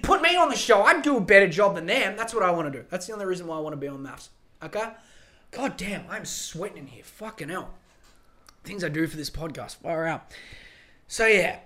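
With a fairly high-pitched voice that sounds pushed and bright, an Australian man carries a solo podcast rant. He swears freely, wanders off on tangents and speaks emphatically.

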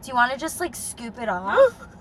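A young woman with a slightly high voice tells a dating story in a casual, animated way, swearing freely and filling her sentences with "like". A faint hiss of noise sits behind her. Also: moderate pace. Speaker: podcast co-host.

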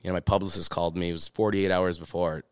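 A man with a very low, smooth and resonant voice talks as a podcast guest. He rambles through his stories, restarting phrases and filling gaps with "you know". The sound is close and dry. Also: level tone, quick pace, dry recording. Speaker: guest chef and TV host. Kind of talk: casual interview chat.

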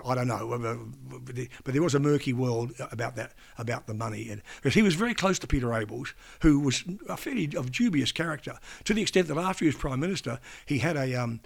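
Gravelly older man telling stories. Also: medium pitch. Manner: rambling, restarts sentences, mimics people in quotes. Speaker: veteran broadcaster and interview guest. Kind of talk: casual anecdotal storytelling.

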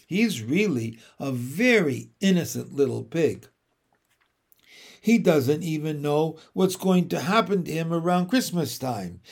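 A man reading a storybook aloud, voicing a knowing, motherly female goose who muses quietly to herself. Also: a little high, animated, unhurried, slightly rough, exaggerated voice.

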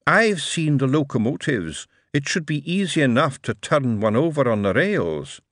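A man doing a bitter dwarf plotter in an audiobook, slow and scornful with a conspiratorial edge. His pitch leaps about, and the sound is dry and close. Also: very animated, a bit bright, no room sound. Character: bitter male dwarf plotter, hateful, in shadows.

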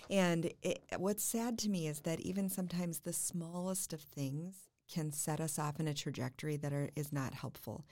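A middle-aged woman, a family and marriage therapist, giving thoughtful, measured answers in an interview. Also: low voice, fairly even intonation, darkish tone. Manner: thoughtful, measured, builds points through repetition.

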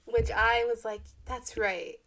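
A young woman with a fairly high voice speaks slowly while co-hosting a book podcast. She retells scenes in a giggly, animated way, laughing a lot and filling her talk with "like," keeping it casual book chat.

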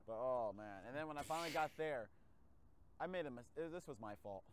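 A man hosting a casual podcast chat, telling a story with lively acted-out reactions and frequent swearing. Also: fairly high pitch, normal speed, slight background noise. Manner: animated storytelling, acts out his own reactions, swears freely. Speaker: podcast host.

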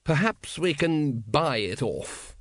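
A man voicing a dry, calculating older male ruler who speaks in measured, sardonic questions in an audiobook. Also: fairly high pitch, big pitch swings, no echo, heavily acted. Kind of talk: audiobook character voice.

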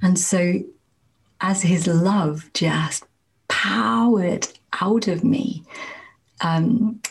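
A woman giving a slow, reflective spoken testimony as a Christian minister, soft and halting, often dropping to a near whisper. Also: lowish voice, steady tone, gravelly, a little hiss or hum, low-quality recording.

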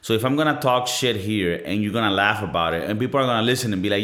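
A man's voice: sits low, animated, fast talker, a bit bright. A man in his thirties talking in a casual solo podcast monologue, rambling and profane, often poking fun at himself. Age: 30s. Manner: rambling, profane, self-mocking. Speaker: podcast host. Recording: roomy echo.

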